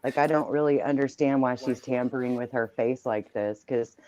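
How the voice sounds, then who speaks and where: A woman's voice: rumbling low, moderate pace, mellow, muffled recording. A woman hosting a casual live panel chat, talking bluntly and keeping the others in line. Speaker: host.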